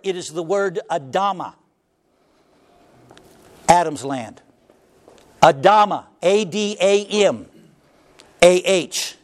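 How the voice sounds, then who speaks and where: A man with a high voice preaching a sermon. He works through the passage verse by verse, then builds to impassioned, shouted cries, his pitch leaping upward at the peaks. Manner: preaching with dramatic swings in pitch, crying out at climaxes. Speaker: pastor.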